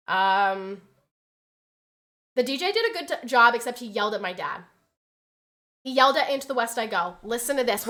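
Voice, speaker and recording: A young female streamer tells a story during casual chat, her voice sitting on the high side. She's animated, curses, and shouts out the lines she's quoting.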